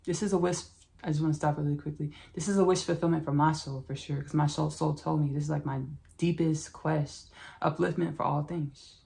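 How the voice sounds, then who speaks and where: Black podcast lady, low gravelly voice, loose rambly spiritual chat. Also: a little fast. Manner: relaxed, rambling, spiritual talk with restarts. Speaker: podcast host. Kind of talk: casual podcast intro and self-promotion.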